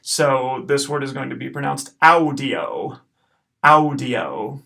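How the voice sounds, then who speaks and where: A man teaching Latin pronunciation in a recorded lesson, patiently saying each word slowly and then repeating it. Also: medium pitch, steady tone, vocal fry, a bit bright.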